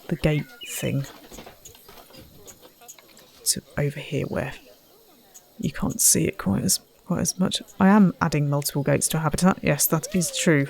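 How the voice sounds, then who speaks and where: A woman's voice: on the low side, gravelly, a little mellow, a little hiss or hum. A woman giving casual gameplay commentary, chatty and self-mocking, muttering to herself and the animals. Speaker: let's play gamer.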